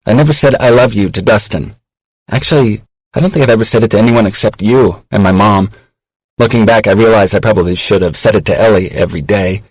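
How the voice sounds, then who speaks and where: A man voicing a wry, candid woman professor in her thirties, reading her confessional, self-mocking messages in a low, dry voice. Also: brisk, husky, no echo, rough recording. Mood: wry, confiding.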